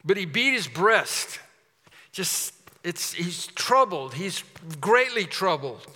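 A man's voice: sits high, sing-song, slow, pushed and bright. A man preaching a sermon with emphatic delivery, putting rhetorical questions to his congregation. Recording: long reverb of a large hall.

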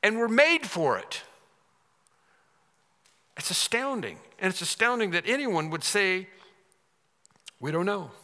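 Bright-voiced preacher in a reverberant hall. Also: male voice, high-pitched, big pitch swings, unhurried, long pauses. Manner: emphatic, repeats phrases for effect. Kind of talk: sermon.

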